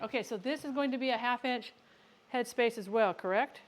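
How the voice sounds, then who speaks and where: A woman's voice: a little high, fairly quick. Chatty woman hosting a canning livestream. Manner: chatty, answers viewer questions, talks to herself while working. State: has the hiccups. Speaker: livestream host teaching home canning. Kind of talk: casual livestream cooking chat.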